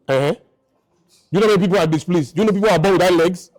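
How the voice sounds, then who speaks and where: A man's voice: high voice, lively intonation, quick pace, a little mellow. A man in his fifties giving a motivational lecture to a live audience, emphatic and firing rhetorical questions. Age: 50s. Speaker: speaker.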